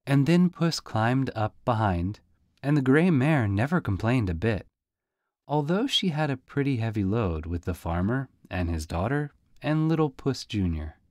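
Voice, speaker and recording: A man narrating a storybook audiobook in a lively, folksy way. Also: medium pitch, unhurried, no echo, studio quality. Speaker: audiobook reader.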